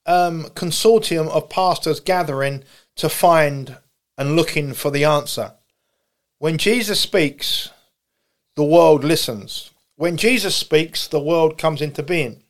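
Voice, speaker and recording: A man pastor preaching a sermon, building through repeated questions and refrains. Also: on the high side. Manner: preaching with repetitive rising questions.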